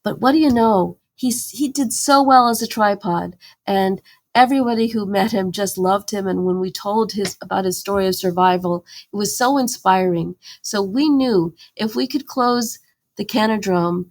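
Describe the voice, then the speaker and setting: A woman's voice: mid-range voice, normal speed, a little mellow. A woman campaigner, a guest in a podcast interview, telling her story earnestly and with animation, with fillers and restarts.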